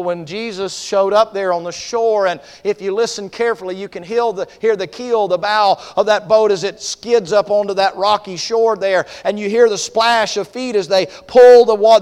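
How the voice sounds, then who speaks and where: A man preacher telling a story as a sermon, vivid and swinging from loud to hushed. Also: high-pitched. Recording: long reverb of a large hall.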